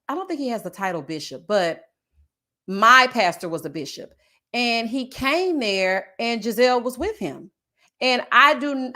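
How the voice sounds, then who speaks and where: A sassy woman dishes gossip in a casual vlog, reading comments aloud and teasing her viewers. Her fairly high voice swoops up and down with lively, animated emphasis. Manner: sassy, animated, calls viewers child and baby.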